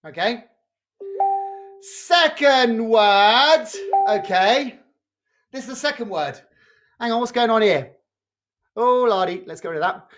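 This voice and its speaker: A community drama workshop leader running a charades game over a video call, pausing to check in with "okay?" after each clue. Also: mid-range voice, lively intonation.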